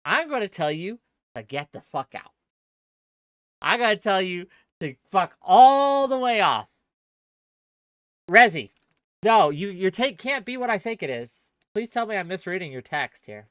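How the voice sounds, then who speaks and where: A man's voice: high voice, sing-song, measured pace, a bit bright, dry recording, studio quality. A man hosting a heated debate stream, arguing hard and swearing, acting out both sides of his examples in quoted voices.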